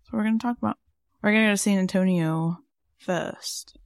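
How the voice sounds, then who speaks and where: A woman's voice: mid-range voice, fairly quick, no echo, clean studio sound. A woman co-hosting a podcast in casual chat, rambling with lots of fillers. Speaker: podcast co-host.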